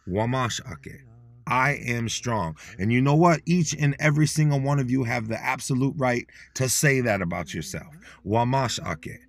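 A man's voice: medium pitch, expressive. Blunt, slangy man teaching words. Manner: blunt and slangy, repeats words slowly for listeners to echo. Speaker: podcast host teaching Dakota words. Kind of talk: casual motivational podcast talk.

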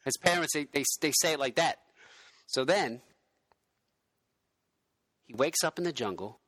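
Excitable swearing man pitching ideas. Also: measured pace, breathy edge, no room sound. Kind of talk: improvised comedy pitch.

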